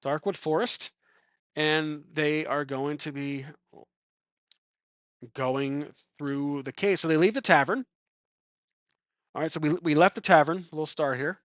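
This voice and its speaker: A man's voice: a little high, steady tone, a little slow, long pauses, a bit bright, no room sound. Rambling man narrating a solo RPG. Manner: rambling, thinking aloud with many ums. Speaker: solo tabletop game player. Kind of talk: improvised game narration. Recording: dull lo-fi sound.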